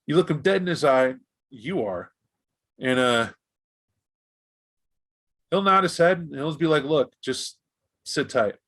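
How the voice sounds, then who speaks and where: A man narrating as game master of a tabletop role-playing game, animated and jumping into characters' voices. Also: on the high side, measured pace, pauses often. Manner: animated, voices gang members in bursts.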